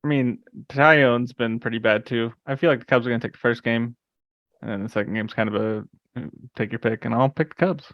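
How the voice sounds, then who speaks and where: A man's voice: mid-range voice, steady tone, brisk, dry recording. Man hosting a dry, lo-fi sports chat. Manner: moderates picks with dry teasing. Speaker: podcast host.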